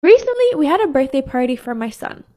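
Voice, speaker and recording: A woman narrating posted stories in an even, steady reading voice. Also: high-pitched, fast. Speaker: story narrator.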